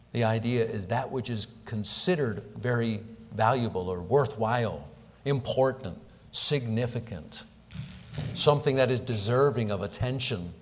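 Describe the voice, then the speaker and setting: A middle-aged man, a pastor, leading a prayer and then preaching with earnest, emphatic delivery and deliberate pauses. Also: medium pitch. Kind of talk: prayer and sermon. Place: church sanctuary. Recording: long reverb of a church hall.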